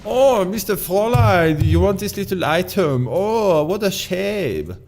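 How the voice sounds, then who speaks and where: A man's voice: high-pitched, sing-song, unhurried, a little mellow, voice pushed up, heavily acted. A man voicing a sneaky, taunting German villain with an exaggerated mock German accent. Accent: over-the-top mock German accent. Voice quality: exaggerated, mocking and sly.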